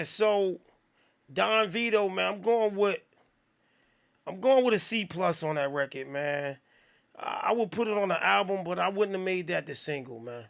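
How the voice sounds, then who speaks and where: Man, live music review host, casual rambling slang, gravelly, fairly high voice. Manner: slangy, profane, rambling, with frequent shout-outs. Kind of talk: casual live-stream commentary.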